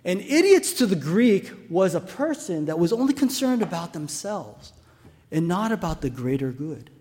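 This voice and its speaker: A man's voice: high-pitched, very animated, moderate pace, darkish tone, long reverb tail. A male pastor preaching a sermon, telling stories and asking the congregation rhetorical questions.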